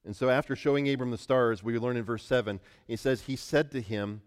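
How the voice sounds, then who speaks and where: A man's voice: fairly low pitch, a little fast, few pauses. A man preaching a sermon to a congregation, talking through scripture in a conversational way and asking them questions. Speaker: pastor. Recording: long hall reverb.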